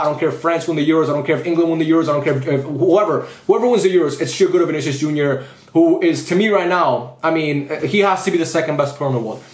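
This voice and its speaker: A man's voice: a little high, a little mellow, reverberant. A man ranting casually after a football match, frustrated and swearing, rambling with lots of restarts. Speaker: football vlogger. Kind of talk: post-match rant.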